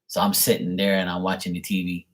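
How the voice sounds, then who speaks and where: Middle-aged guy on a live tarot stream, low voice, rambly family story, swears a lot. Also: monotone, fast talker. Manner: rambling anecdote, swearing, mimicking family members. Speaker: tarot reader.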